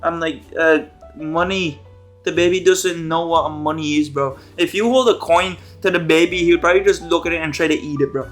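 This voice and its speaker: A man's voice: on the high side, fairly even intonation, a little fast, few pauses, faint music behind. A man recapping a TV episode in casual online commentary, rambling, jokey and profane. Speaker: YouTube commentator.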